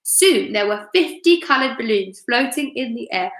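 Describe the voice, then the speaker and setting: A woman teacher reads a children's story aloud in a fairly high, bright voice. She narrates expressively and drops in chatty asides. A roomy echo hangs around her. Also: expressive, normal speed.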